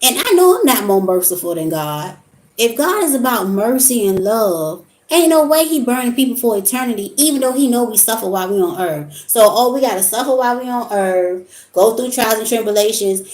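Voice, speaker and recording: A woman's voice: a little high, slight background noise. A woman vlogger talking casually about spiritual topics in a rambling, storytelling way. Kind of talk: casual monologue. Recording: echoey room.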